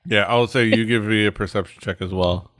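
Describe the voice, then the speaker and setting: A man running a tabletop game as game master, describing scenes in a halting way full of fillers and restarts. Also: lowish voice, fairly even intonation, fairly bright tone, no room sound. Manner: hesitant, many fillers and restarts.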